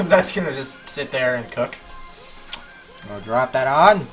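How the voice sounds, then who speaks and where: A man giving animated let's-play commentary, yelping and talking back to the game's characters as he plays. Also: medium pitch, slow, soft background music. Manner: animated, yelps at game characters. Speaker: gaming YouTuber.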